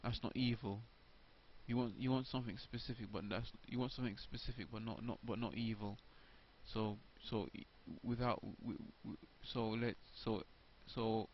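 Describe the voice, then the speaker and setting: A man's voice: mid-range voice, fairly even intonation, moderate pace. A man talking off the cuff about faith, stumbling and restarting, repeating words and filling gaps with ums. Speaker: video blogger. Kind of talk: unscripted religious monologue to camera. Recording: dull lo-fi home recording with faint hiss.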